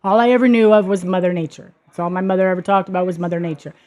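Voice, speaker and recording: A woman's voice: fairly low pitch, racing, dark tone. A woman hosting her own show, telling a personal story in an earnest way that turns emphatic and heated. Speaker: podcast host. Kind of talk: personal testimony monologue.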